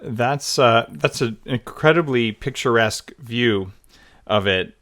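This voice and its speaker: Gravelly-voiced guy hosting a podcast, chatty, laughs a lot. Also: mid-range voice, slow, fairly bright tone. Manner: chatty, laughs easily, restarts often. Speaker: podcast host. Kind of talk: casual podcast interview.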